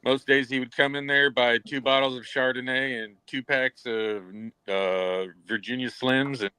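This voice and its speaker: A man chatting casually, telling an anecdote in a relaxed, hesitant way. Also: mid-range voice, measured pace, clean tone, no room sound, low-quality recording. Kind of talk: casual chat.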